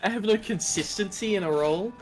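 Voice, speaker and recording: A man's voice: high voice, brisk. A young man chatting casually on a game stream, rambling with many fillers. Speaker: co-player guest on a game stream. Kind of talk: casual gaming chat.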